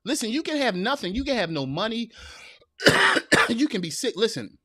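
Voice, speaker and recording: A man's voice: high voice, very animated, normal speed, fairly bright tone, dry recording, clean studio sound. A man hosting a podcast, giving an earnest, preachy motivational talk in a folksy manner, addressing listeners as y'all and repeating lines for emphasis. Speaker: podcast host.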